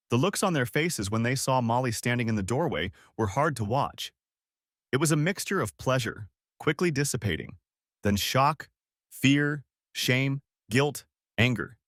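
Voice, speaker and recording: A man narrating a dramatic audiobook story in an expressive reading voice. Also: medium pitch, dry recording, clean studio sound.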